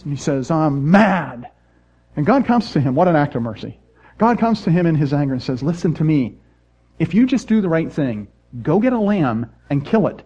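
Mellow-voiced man preaching a sermon. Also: a little high, highs cut off. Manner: earnest preaching with rhetorical questions to the congregation. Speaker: pastor.

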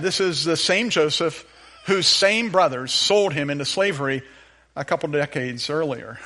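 Guy preaching in church, kinda high voice, acts out the bible bits. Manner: lively storytelling, acts out Bible dialogue. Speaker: pastor. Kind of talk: sermon.

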